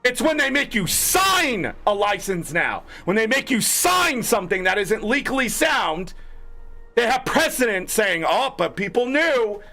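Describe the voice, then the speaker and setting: High-pitched, angry ranting man. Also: very animated, measured pace, sharp tone. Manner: mocking quoted voices in lower tones. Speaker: gaming streamer. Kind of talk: ranting commentary.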